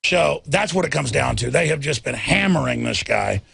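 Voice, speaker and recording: A male radio host ranting angrily and emphatically, sometimes shouting, with a gravelly voice. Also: mid-range voice, lively intonation, moderate pace, no room sound, clean studio sound. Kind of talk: talk radio rant.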